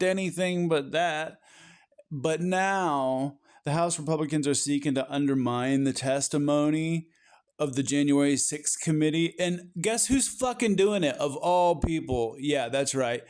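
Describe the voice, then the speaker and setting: A man's voice: mid-range voice, darkish tone, clean tone. A man ranting angrily and profanely as a political commentator, exasperated and furious. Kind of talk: angry political rant.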